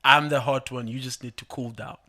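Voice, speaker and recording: A young man, a rapper, calmly explaining his songs in a casual podcast chat, laughing often. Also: mid-range voice, a little fast. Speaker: guest rapper.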